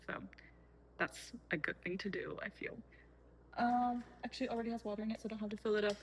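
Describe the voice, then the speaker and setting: A woman's voice: mid-range voice, very fast, a little hiss or hum, rough recording. A young woman talking unscripted in a rambling, chatty way, full of fillers, while making tea at home. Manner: rambling, chatty, frequent fillers and self-corrections. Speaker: vlogger. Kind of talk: unscripted casual chat.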